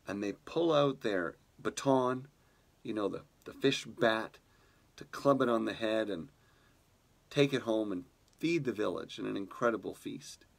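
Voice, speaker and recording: A man leading a spiritual community, telling a fable in a meditation talk, soft-spoken and unhurried. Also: fairly low pitch, vocal fry.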